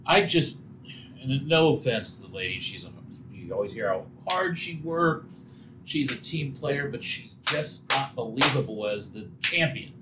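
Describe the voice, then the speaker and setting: A man's voice: mid-range voice, lively intonation, a little slow, noisy background. A man co-hosting a casual wrestling podcast, joking and wisecracking. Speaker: podcast co-host.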